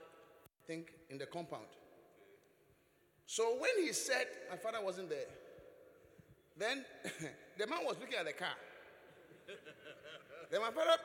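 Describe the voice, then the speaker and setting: A man preaching a sermon as bishop, telling stories with animated delivery and frequent chuckles. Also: high voice. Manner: animated storytelling, chuckling often. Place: large church hall. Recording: echoey church hall.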